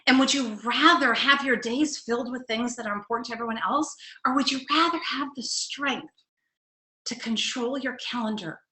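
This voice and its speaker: A woman's voice: fairly high pitch, bright, forceful tone, reverberant. A middle-aged woman, a life coach giving a motivational webinar talk, earnest and direct, putting questions to her audience.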